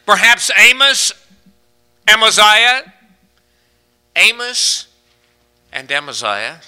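A man's voice: high voice, big pitch swings, slow, sharp tone, smooth, low-quality recording. A man preaching a folksy sermon, asking his congregation question after question and stretching out the key words. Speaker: pastor.

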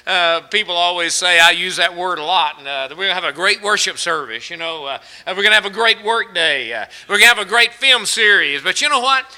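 High, bright-voiced male preacher. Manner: folksy storytelling with rising emphasis. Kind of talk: sermon.

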